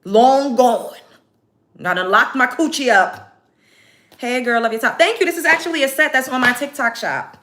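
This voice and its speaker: A woman's voice: high voice, normal speed, fairly bright tone. A woman hosting a casual livestream from home while doing her makeup, brash and confrontational as she reads out comments. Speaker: livestream host.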